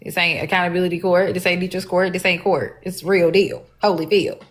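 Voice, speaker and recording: A woman's voice: lowish voice, little pitch movement, fairly quick. A woman hosting a live stream, talking casually in a blunt, profane and aggravated way. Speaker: livestream host.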